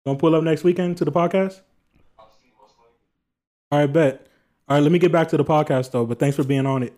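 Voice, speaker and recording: High-voiced young man, playful podcast host. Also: a little fast, warm tone. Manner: playful, teasing, laughs along. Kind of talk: casual podcast chat.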